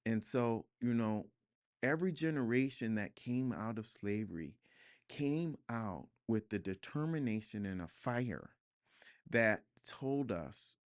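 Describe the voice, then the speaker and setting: A guest author with a fairly low, smooth, full voice speaks slowly in a studio podcast interview, reflective and earnest with lively intonation, sometimes building to emphatic repetition. The sound is dry and close, with no echo.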